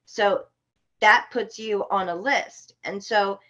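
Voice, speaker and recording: A woman from Florida, a podcast guest, telling a story in an animated, indignant way with sharp outbursts. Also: medium pitch, takes it slowly. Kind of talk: casual storytelling.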